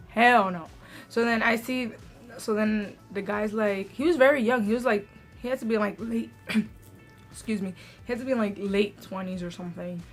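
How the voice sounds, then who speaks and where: A young woman chatting through a story for her vlog, filling her talk with "like" as she goes. Her voice sits at a middling pitch, with faint music in the background. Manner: chatty, many "like" fillers. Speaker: vlogger. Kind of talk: casual story time.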